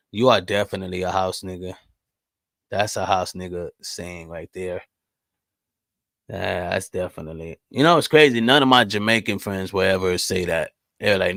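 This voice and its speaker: A man in his thirties hosting a podcast alone, answering live chat in blunt, profane talk that jumps loud and high when he gets riled. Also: normal speed, creaky, no echo. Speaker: podcast host. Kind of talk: casual solo commentary reading live chat.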